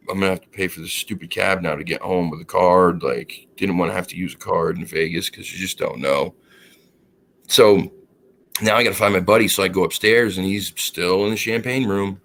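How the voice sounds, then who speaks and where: A man co-hosting a casual chat, telling an animated, profane story and acting out the quotes. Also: low voice, normal speed. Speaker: co-host.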